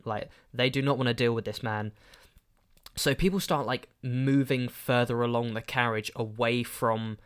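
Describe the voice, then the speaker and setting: Guy chatting on a podcast, um-ing a lot, mid pitch, animated. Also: smooth. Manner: rambling, animated, lots of fillers. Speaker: podcast host. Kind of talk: casual storytelling.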